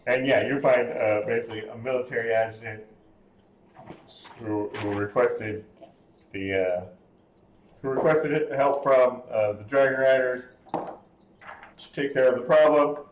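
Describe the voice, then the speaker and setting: A man running a tabletop game as game master, halting with fillers and laughing often. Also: mid-range voice. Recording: roomy with faint background hum.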